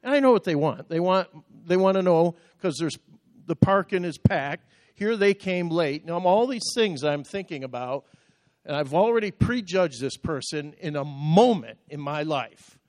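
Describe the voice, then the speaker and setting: An older man preaching a sermon, telling personal stories with sudden loud bursts. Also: on the high side, animated, moderate pace, dry recording, clean studio sound. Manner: storytelling with sudden loud outbursts. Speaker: pastor.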